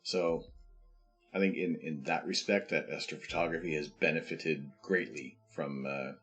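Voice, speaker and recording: A man's voice: very deep voice, normal speed, faint music behind. A Canadian man streaming live, chatting casually and answering viewer questions as they come in. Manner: relaxed, reads viewer questions aloud and answers them.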